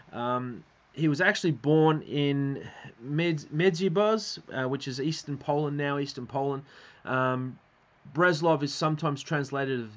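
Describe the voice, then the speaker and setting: A man's voice: mid-range voice, fairly bright tone, dull audio. A man giving a casual spoken lecture, rambling and hesitant, with many fillers and restarts. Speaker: video lecturer.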